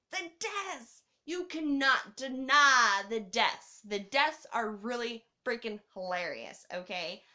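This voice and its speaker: A young woman hosting a casual movie review countdown, excitable and swearing, laughing and swooping up and down as she talks. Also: mid-range voice. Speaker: host.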